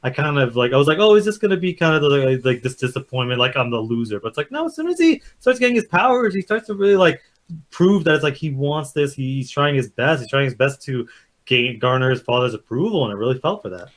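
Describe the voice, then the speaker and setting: A man's voice: medium pitch, fast talker. A man co-hosting a casual chat, telling events with lots of acted-out quotes and fillers. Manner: animated storyteller, acts out quotes. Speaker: podcast co-host.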